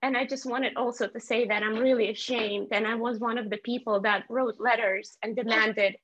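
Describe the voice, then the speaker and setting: This Azerbaijani woman in her thirties has a fairly high, steady, fairly bright voice at normal speed. As a participant in an online meeting she speaks candidly and earnestly, often searching for words, captured in lo-fi video call audio.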